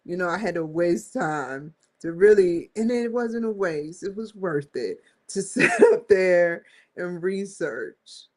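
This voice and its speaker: Slow-talking casual woman host. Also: lowish voice, lively intonation, darkish tone. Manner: rambling, slangy, giggly. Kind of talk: casual live-stream chat.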